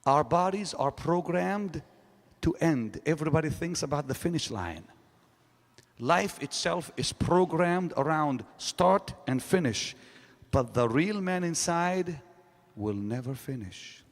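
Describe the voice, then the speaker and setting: A man preaching a sermon to a congregation, emphatic, swinging from loud rising questions to low quiet statements. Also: animated, takes it slowly, big-room sound. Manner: emphatic preaching with sudden rises and drops. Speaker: pastor. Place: large hall.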